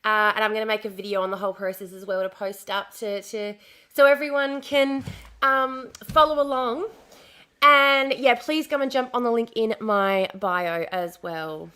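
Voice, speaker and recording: An Australian woman chatting casually on a live stream, slightly hoarse from a lost voice, repeating herself as she greets viewers. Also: fairly high pitch, fairly even intonation, moderate pace, pushed and bright.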